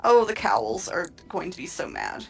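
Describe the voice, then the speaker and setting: A woman voicing a fussy female pond frog who gossips in a squeaky, disgusted voice for a tabletop game. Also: wildly swooping pitch, normal speed, creaky, breathy edge, full character voice. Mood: shrill alarm. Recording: faint music behind.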